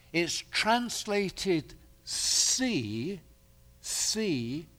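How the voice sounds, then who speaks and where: A man preaching a sermon who swings from quiet, measured talk to loud, emphatic declarations, often repeating phrases for effect. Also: sits high.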